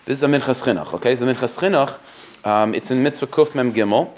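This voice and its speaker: A quick-talking man leads a text-study lesson. He reads short passages aloud, translates them, and restates each point several times at a brisk clip, his voice sitting at an ordinary middle pitch. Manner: quick, explanatory, repeats phrases, reads Hebrew sources aloud and translates. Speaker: Talmud teacher. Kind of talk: text-based shiur lesson.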